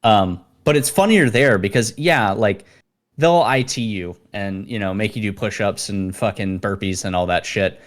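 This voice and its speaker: A man's voice: on the low side, moderate pace. A man co-hosting a casual podcast, telling profane military training stories and acting out the people in them. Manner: profane, storytelling, acts out quoted instructors in a louder voice. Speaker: podcast co-host. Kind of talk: casual chat.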